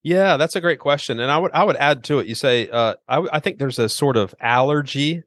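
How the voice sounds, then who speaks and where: A middle-aged man, a seminary president and author, earnestly explains theology as a guest in a podcast interview, restarting often. His mid-range voice is fairly bright and a little fast, with no room sound.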